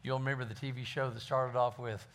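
A man's voice: medium pitch, level tone, quick pace. A man who is a pastor, preaching a conversational sermon in a folksy way and often repeating words as he finds his phrasing.

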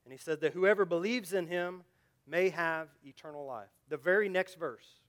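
A male pastor delivering a sermon in a high, light voice. He pleads with his listeners directly and earnestly. He rises to loud, urgent emphasis and sinks to hushed, low asides. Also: normal speed.

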